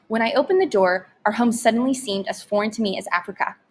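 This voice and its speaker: A woman reading a memoir story aloud as a teacher, in a steady, gentle storytelling manner. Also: mid-range voice, fast talker, slight background noise.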